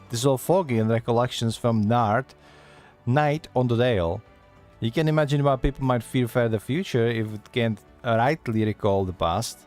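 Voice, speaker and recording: Voicing a gruff, worldly tavern keeper, a man reads the lines haltingly, tripping over the dialect. His middle-pitched tone is a bit mellow, lightly acted, with faint game music underneath.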